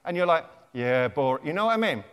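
A man's voice: high voice, expressive, very fast, a bit bright, clear, resonant tone. A man who writes children's books gives a playful, chatty comic talk to a young audience in a large lecture theatre. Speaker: children's author. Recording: reverberant lecture hall.

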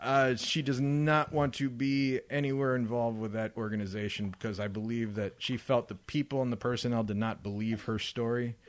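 A man co-hosting a casual podcast, talking bluntly and profanely in crude banter at an unhurried drawl. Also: mid-range voice, flat delivery. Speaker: podcast co-host.

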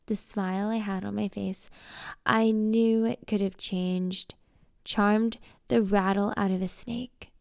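A young adult woman narrates a first-person audio drama with a sassy, spoiled edge. Her voice has a gravelly texture, and the recording sounds dry and close. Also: mid-range voice, little pitch movement, takes it slowly, darkish tone, dry recording. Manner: sassy, spoiled-brat attitude in dialogue.

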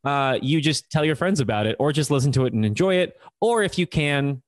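A man's voice: mid-range voice, expressive, a little fast, dry recording. A man co-hosting a podcast in casual chat, with a playful, joking way of talking. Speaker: podcast co-host.

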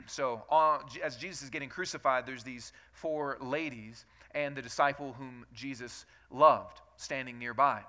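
A man's voice: mid-range voice, a little slow, bright, forceful tone. A man leading a church Bible reading, reading scripture aloud and then explaining it in plain, chatty asides. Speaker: pastor. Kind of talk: Bible reading with casual commentary.

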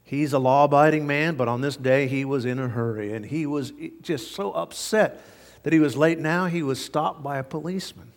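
A man's voice: a little high, normal speed, in a large hall. A man pastor preaching a sermon, telling stories in a folksy way with frequent fillers.

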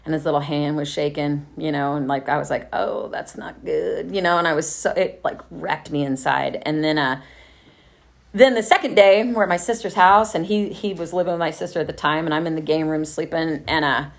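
A woman's voice: low voice, a little fast. A woman, telling a candid, profane story of her own recovery to a group. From Texas. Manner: candid, profane, laughing often, acting out the quoted voices. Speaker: speaker sharing a recovery story.

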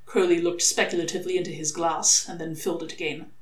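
A woman reading a comic novel aloud, expressive and lively. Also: on the low side, fast. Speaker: reader. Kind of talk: audiobook-style novel reading. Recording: echoey room.

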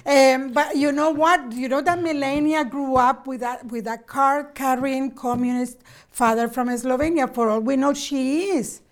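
A middle-aged woman comedian chatting as a guest, animated and rambling, with frequent laughter. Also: sits high, normal speed. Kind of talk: casual comedic chat.

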